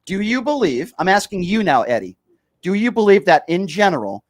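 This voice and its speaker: A man's voice: fairly high pitch, big pitch swings, quick pace. A man hosting a talk show, arguing with a caller and pressing the same question again and again. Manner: combative, repeats questions insistently. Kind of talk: heated call-in argument.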